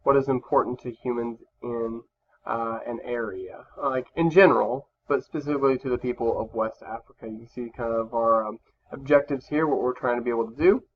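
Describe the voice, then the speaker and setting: A male teacher with a medium-pitched voice talks fairly quickly in a recorded classroom lesson over slides. He's casual, with lots of fillers and restarts, and the slightly dull lo-fi recording carries a faint background hum.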